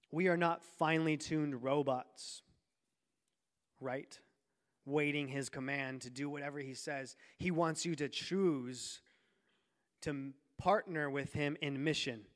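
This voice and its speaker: A man's voice: fairly high pitch, smooth. A man preaching a sermon, telling a personal story in a conversational way before building to a fervent exhortation. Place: large church hall. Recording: reverberant church hall.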